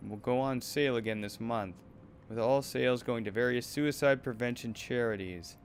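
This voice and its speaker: Man reading game text, low-key. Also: moderate pace, slight background noise. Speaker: let's play host. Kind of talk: reading game text aloud while playing.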